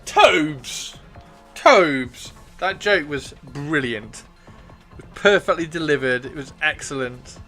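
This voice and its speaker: A man's voice: on the high side, normal speed, sharp tone, faint music behind. A man chatting enthusiastically on a casual livestream, often repeating himself. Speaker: livestream host.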